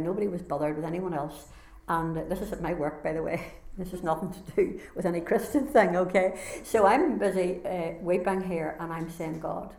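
A woman's voice: lowish voice, darkish tone. Earnest Northern Irish woman in an echoey hall. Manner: earnest, heartfelt storytelling. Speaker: conference speaker. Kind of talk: personal testimony talk. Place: conference hall.

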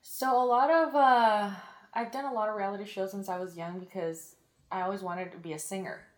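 A woman's voice: mid-range voice, steady tone, a little fast. A chatty young woman with Mexican-American roots answers interview questions about her media work. She keeps adding "like" as she talks and slips into quoted lines. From Mexican-American background. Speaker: radio and TV media personality, guest.

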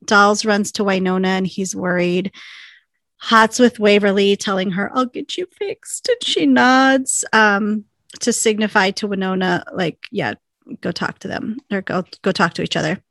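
Chatty woman podcaster, fry in her voice, dry close sound; recaps scenes with lots of "like"s. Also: mid-range voice, steady tone, moderate pace, a bit bright, no echo. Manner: chatty, lots of likes and ums. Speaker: podcast co-host. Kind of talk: casual episode recap.

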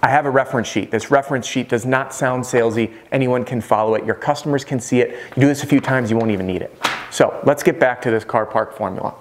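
A man teaching roofing sales straight to camera in an energetic way, firing off rhetorical questions. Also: mid-range voice. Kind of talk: direct-to-camera sales training talk.

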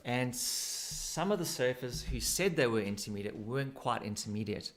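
A man with a South African accent talks through surf technique in a casual, animated way. He demonstrates as he explains, and his voice sits at an ordinary middle pitch. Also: moderate pace. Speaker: surf coach. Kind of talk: casual instructional chat.

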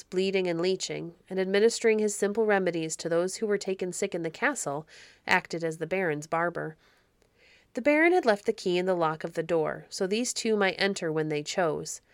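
A woman's voice: fairly low pitch, no room sound. Woman reading a storybook, dry close mic. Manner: measured, expressive reading. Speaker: audiobook narrator. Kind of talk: scripted storybook narration.

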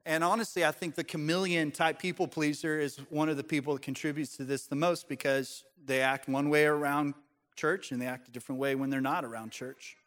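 A man preaching a sermon as pastor, animated and joking, putting on voices to make his points. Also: a little high, fairly quick. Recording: long hall reverb.

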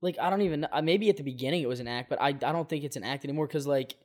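A man's voice: fairly high pitch, rapid-fire. A man in a casual sports podcast chat, hedging his opinions with many fillers and restarts. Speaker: podcast guest.

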